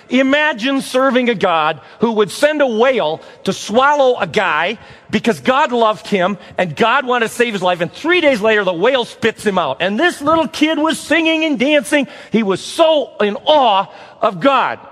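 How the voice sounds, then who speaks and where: A man preaching a sermon to a live audience, telling stories and acting out the dialogue with lively energy. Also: extremely high pitch, moderate pace, big-room sound. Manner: animated, acts out dialogue, talks to the audience. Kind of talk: sermon with storytelling.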